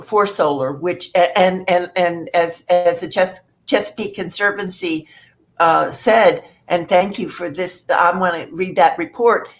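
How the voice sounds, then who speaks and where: A woman speaking as a panelist, earnest and stammering with frequent restarts. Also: on the low side. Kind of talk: panel discussion.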